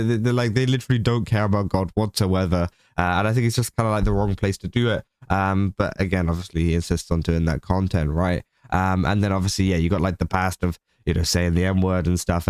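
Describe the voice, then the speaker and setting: Low, smooth-voiced man rambling. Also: dry recording, studio quality. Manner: rambling, many fillers, laughs between points. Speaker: commentary channel host. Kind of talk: casual commentary.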